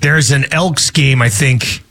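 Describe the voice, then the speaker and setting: A man's voice: medium pitch, slow, pushed and bright. A man hosting a radio sports talk show, joking casually and reading ads in an upbeat way. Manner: jokey, laughs easily, upbeat. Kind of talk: casual radio banter and ad reads.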